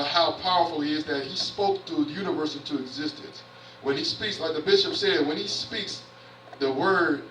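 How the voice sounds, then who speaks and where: Forceful preacher heard far off in a roomy church. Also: male voice, a little high, slight background noise. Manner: reads scripture aloud then paraphrases it conversationally. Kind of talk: sermon. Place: church sanctuary. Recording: roomy church audio picked up from afar.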